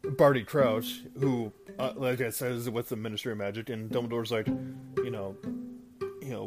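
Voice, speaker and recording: A male host with a medium-pitched, fairly even voice and moderate pace gives a rambling retelling of a movie plot, full of fillers and restarts. He laughs at his stumbles while guitar music plays behind.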